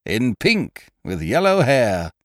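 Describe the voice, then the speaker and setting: A man's voice: medium pitch, wildly swooping pitch, takes it slowly, a bit bright, no echo, clean studio sound, full character voice. A man voicing a fussy, precise young man who frets and wails. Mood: flustered. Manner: fretful, wailing.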